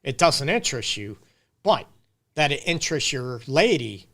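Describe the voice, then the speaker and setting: This middle-aged counselor answers relationship questions on a casual live stream, addressing viewers directly and with emphasis. His mid-range voice swings widely in pitch, is a bit bright, and keeps a moderate pace.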